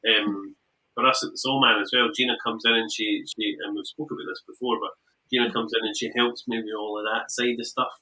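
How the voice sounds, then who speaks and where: A man's voice: lowish voice, little pitch movement, brisk, bright, forceful tone, low-quality recording. A man in his thirties hosting a podcast in casual, upbeat, self-deprecating chat. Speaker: podcast host.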